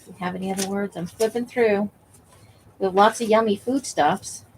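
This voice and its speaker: A woman's voice: medium pitch, fairly even intonation, normal speed, darkish tone, slight background noise, low-quality recording. Chatty woman crafting at home. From Nevada. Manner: chatty, laughs often, talks to viewers. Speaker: craft livestream host. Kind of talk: casual chat while crafting.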